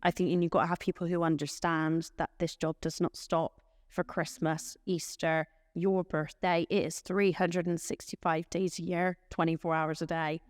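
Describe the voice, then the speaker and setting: A woman's voice: lowish voice, level tone, normal speed, no room sound, clean studio sound, big-room sound. A woman, a care team manager chatting in an interview and acting out little exchanges. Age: late 20s. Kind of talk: casual interview answers.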